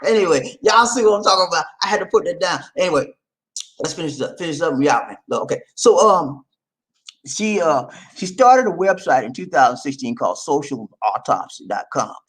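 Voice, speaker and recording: A man giving casual video commentary, animated and repetitive, laughing often and speaking straight to his viewers. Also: fairly high pitch, a little fast.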